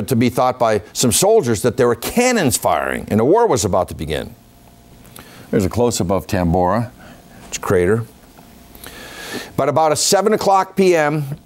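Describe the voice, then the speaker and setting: A man giving an illustrated history talk as a folklorist, reciting dates and figures steadily with chatty asides to the audience. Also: a little high. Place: senior center meeting room.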